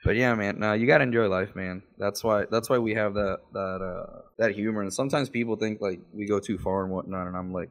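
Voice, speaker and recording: A man's voice: on the low side, a little fast, few pauses. Cursing, laughing man telling stories. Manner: profane, laughing storyteller. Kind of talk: casual chat.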